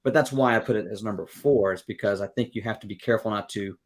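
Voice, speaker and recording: A man's voice: fairly low pitch, fast talker. Man explaining earnestly. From Southern United States. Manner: earnest explaining, with everyday analogies; acts out quoted exchanges. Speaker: guest music educator. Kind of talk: podcast interview.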